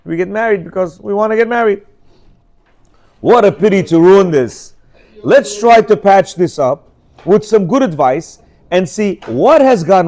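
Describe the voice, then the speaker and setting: A middle-aged man leads a Torah class on marriage with a notably high-pitched voice. He talks emphatically and scolds his listeners, repeating each point several times. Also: darkish tone. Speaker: religious teacher.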